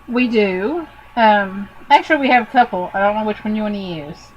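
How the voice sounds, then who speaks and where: A woman's voice: medium pitch, expressive, normal speed, muffled recording, a little hiss or hum. A woman from Kentucky co-hosting a podcast, playful and teasing as she reads out strange news stories. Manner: playful, lightly teasing storyteller. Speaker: podcast co-host. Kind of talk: casual chat, reading news stories.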